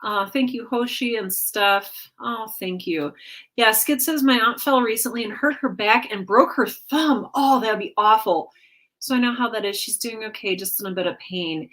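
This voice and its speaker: A woman's voice: on the high side, moderate pace, fairly bright tone. Chatty woman hosting a livestream. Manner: chatty, with many fillers and self-corrections. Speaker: livestream host. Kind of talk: casual chat with a live audience.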